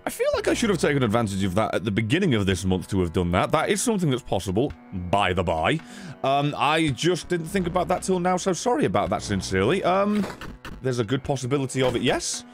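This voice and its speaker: A man streaming a card game, giving casual commentary, swearing often and breaking into sudden high squeals. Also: sing-song, fast, faint music behind.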